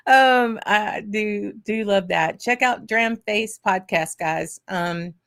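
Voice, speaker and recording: A woman's voice: medium pitch, slow pace, fairly bright tone. A woman hosting a whisky livestream, chatty and bubbly, greeting viewers by name with lots of "y'all". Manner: chatty and bubbly, frequent "um" and "y'all", bursts of laughter. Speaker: host of a whisky livestream show. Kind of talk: casual livestream welcome and chat shout-outs.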